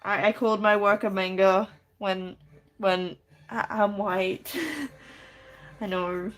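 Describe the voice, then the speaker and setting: A woman with a slow, level, mid-range voice chats casually on a live stream while drawing, with faint music behind her. She giggles often, reads viewers' messages aloud, and answers with lots of restarts.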